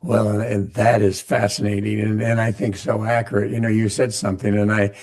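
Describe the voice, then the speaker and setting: A man's voice: on the low side, little pitch movement, fairly quick, gravelly, darkish tone. A middle-aged man hosting a podcast, affirming his guest and repeating words as he starts his thoughts. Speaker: podcast host. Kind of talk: podcast interview conversation.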